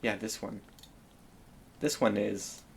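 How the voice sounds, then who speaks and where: A man's voice: on the low side, steady tone, slow pace, gravelly, a little hiss or hum. A man with a French accent giving gameplay commentary, thinking aloud and murmuring to himself while he decides. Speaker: streamer.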